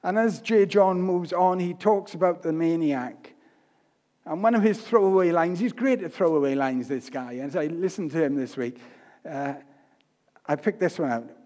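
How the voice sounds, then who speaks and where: An older man giving a sermon, telling stories with humor and swinging between loud and soft delivery. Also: a little high, moderate pace. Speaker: preacher. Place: church. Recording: long reverb of a church hall.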